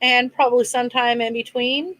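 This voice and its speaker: A woman co-hosting a casual live-streamed podcast, briskly giving schedules and plugs. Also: on the high side, steady tone, fairly bright tone, low-quality recording. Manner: brisk, gives announcements and plugs. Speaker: podcast co-host.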